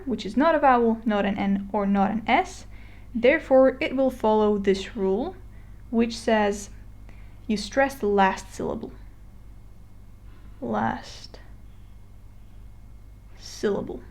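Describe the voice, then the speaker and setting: A woman's voice: on the high side, darkish tone. A woman explaining a language lesson step by step, patient and plain, with casual fillers and recaps. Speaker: Spanish teacher.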